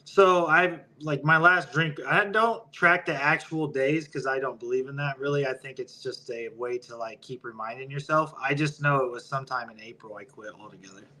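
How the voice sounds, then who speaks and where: A man's voice: mid-range voice, normal speed, few pauses, bright, forceful tone, low-quality recording. A man talking as a podcast guest in a loose, casual way with many fillers. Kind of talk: casual interview chat.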